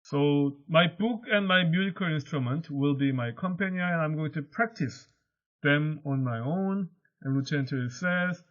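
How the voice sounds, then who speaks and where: Teacher explaining a play line by line. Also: male voice, measured pace. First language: Korean. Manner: paraphrases quotes in simple words, lifts his pitch when reading lines aloud. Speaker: high school English teacher. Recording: dull lo-fi recording.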